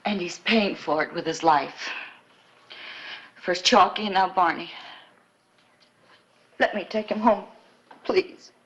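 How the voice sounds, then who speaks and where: An actress playing the sister of a dying young outlaw, pleading and defiant in a 1950s TV western. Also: female voice, lowish voice, slow, pauses often, fairly bright tone, husky, highs cut off, heavily acted.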